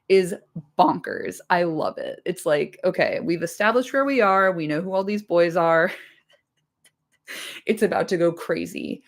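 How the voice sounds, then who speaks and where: Her reading over, a streamer talks casually and excitedly to her live viewers, cursing without restraint. She's a woman with a fairly low, slightly hoarse voice.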